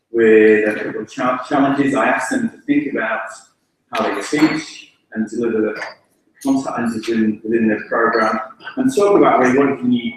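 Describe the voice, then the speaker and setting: A man's voice: medium pitch, a bit bright, distant mic. Joking man chairing a panel, echoey hall. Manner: informal, joking, with restarts. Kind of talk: conference session introduction. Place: large lecture hall.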